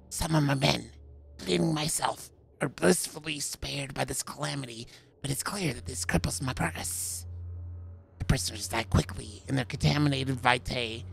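A let's play streamer plays a horror game, giving casual commentary full of crude jokes and swearing while reading the in-game notes aloud. His mid-range voice is fairly bright, with vocal fry.

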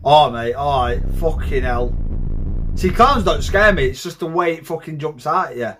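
A man in his thirties hosting a reaction video, talking in an excitable, heavily profane casual way. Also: fairly high pitch, normal speed, music in the background. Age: 30s.

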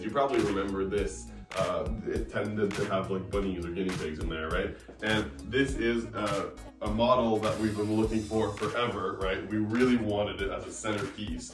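A man hosting a casual reptile vlog at home, upbeat and chatty, often tagging on "right?". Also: fairly low pitch. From Canada. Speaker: reptile channel host. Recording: echoey room with guitar music.

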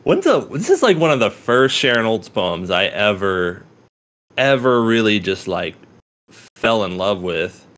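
A young man with a low-pitched voice talks loosely about poetry, circling back on himself, restarting sentences and dropping casual swears. He laughs as he goes and keeps a relaxed, unpolished conversational flow. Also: measured pace. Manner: rambling, profane, laughs often, many restarts. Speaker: podcast co-host.

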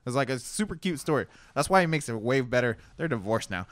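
A man's voice: mid-range voice, expressive, fast, no room sound. A young man telling a rambling story in a casual podcast chat, swearing and laughing often. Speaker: podcast co-host.

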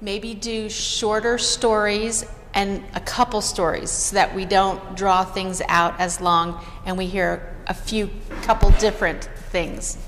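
A woman gives casual, agreeable feedback as a talent show judge. Her mid-pitched voice carries a long hall echo over faint background noise. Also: steady tone, slow pace, hardly any pauses, a bit bright. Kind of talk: giving feedback.

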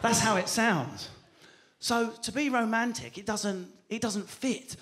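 A man with an Essex accent doing a stand-up comedy routine, talking rapidly with animated mimicry and swearing. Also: high voice. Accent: Essex English. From England. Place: comedy stage before a live audience.

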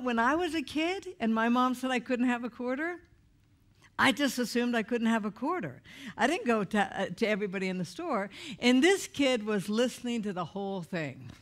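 A middle-aged woman from Idaho preaching through a personal story, acting out the voices and laughing often. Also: a little high. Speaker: speaker at a church meeting. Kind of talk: storytelling sermon.

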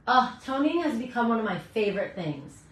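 A middle-aged woman hairstylist chatting brightly while she demonstrates hair toning in a salon, teaching as she works. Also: on the high side, sing-song, a little fast. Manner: bubbly, chatty, talks while working. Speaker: hairstylist educator. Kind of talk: live hair coloring tutorial. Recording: echoey room.

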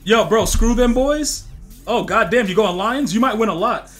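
A young man in casual live-stream chat with his viewers, excitable and profane, talking in a style. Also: high-pitched, normal speed, faint music behind. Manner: loud, profane, excitable trash talk.

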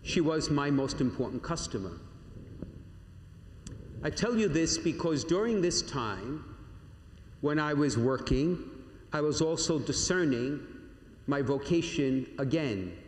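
A man giving a sermon as a Catholic priest, telling a personal story to young people with dramatic pauses and slowed emphasis. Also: on the high side, expressive, a little hiss or hum. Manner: storytelling, addresses listeners as "my young friends". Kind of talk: sermon to confirmation candidates. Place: church. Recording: echoey church with long reverb.

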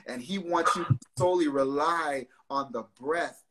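A man's voice: fairly high pitch, normal speed, crowd noise. A man guest on a video-call interview, an author and pastor who slips into preacherly rhetorical questions. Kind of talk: casual interview, preaching at times.

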